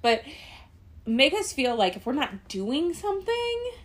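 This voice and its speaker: A woman co-hosting a casual podcast, animated and reflective, with rambling asides. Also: sits high, unhurried. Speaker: podcast co-host. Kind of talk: casual chat about a cartoon.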